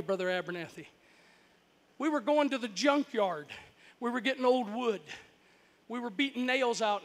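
A man from Florida preaching a sermon built on stories from his childhood, animated and breaking into shouts at the big moments. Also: very high voice, in a large hall. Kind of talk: storytelling sermon.

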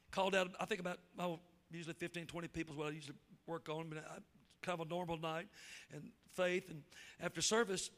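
Folksy high-voiced preacher man. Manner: folksy, animated storytelling with acted quotes. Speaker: traveling preacher. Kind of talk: storytelling sermon.

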